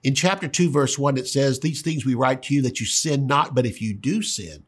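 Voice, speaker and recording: A man's voice: medium pitch, normal speed, breathy edge. A man preaching a sermon, telling a story and acting out the voices of the people in it. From Oklahoma, US. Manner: storytelling preacher, acts out dialogue. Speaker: pastor.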